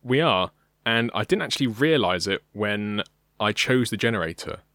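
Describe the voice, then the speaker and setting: A man's voice: lowish voice, animated, normal speed, fairly bright tone, no echo, studio quality. A young British man co-hosting a podcast, talking casually and hesitantly, with many ums. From Britain. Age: young adult. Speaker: podcast co-host. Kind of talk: casual chat.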